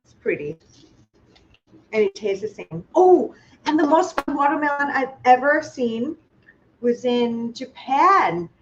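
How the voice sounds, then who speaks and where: A woman's voice: sits high, lively intonation, a little slow, pauses often, highs cut off, a little hiss or hum. Chatty Thai-accented woman teaching cooking. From Thailand. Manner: chatty, playful, talks to viewers with questions. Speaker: cooking class host. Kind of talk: live online cooking demonstration.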